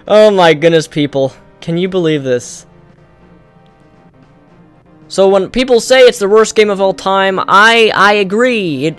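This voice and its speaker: A young man giving let's-play commentary on a console game. He sounds exasperated and breaks into loud, frustrated outbursts. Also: sits high, clean tone. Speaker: gamer.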